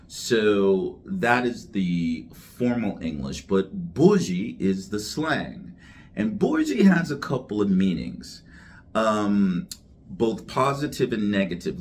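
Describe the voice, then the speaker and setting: A man teaching English slang, speaking slowly and deliberately, repeating each word for learners. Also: low voice, slight background noise. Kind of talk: slang vocabulary lesson to camera.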